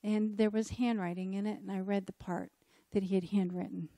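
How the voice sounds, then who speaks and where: A woman's voice: mid-range voice, fairly quick, dry recording. Woman telling a personal faith story. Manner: lively storytelling, acting out dialogue. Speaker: conference speaker at a church event.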